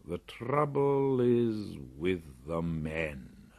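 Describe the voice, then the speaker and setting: A man voicing Bagheera, a calm and worldly male panther, who speaks slowly and gravely. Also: deep voice, exaggerated voice. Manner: slow, measured and grave.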